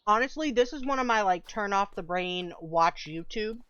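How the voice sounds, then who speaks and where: A woman's voice: medium pitch, animated, normal speed, a bit bright, clear, resonant tone, no room sound, lo-fi sound. A woman streamer chatting casually with viewers while playing a game, laid-back and swearing freely, sometimes eating as she talks. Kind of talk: casual gaming stream chat.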